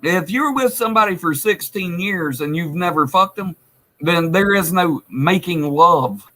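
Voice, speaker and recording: A man's voice: high-pitched, animated, measured pace, bright, forceful tone, poor audio. A man hosting a livestream, teasing his friends and laughing a lot, crude casual talk. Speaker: livestream host. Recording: faint background noise.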